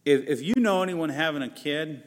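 A man's voice: on the high side, moderate pace. Guy pastor preaching to his church, chatty and joking at himself, long echo off the sanctuary walls. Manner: conversational preaching with self-deprecating asides. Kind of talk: sermon.

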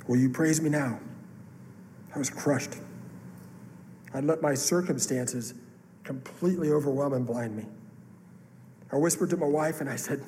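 A man's voice: fairly high pitch, dark tone, a little hiss or hum. A man preaching a sermon, telling a personal story with earnest emotion. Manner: earnest, emotional testimony with rising outbursts. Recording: long hall reverb, faint room ambience.

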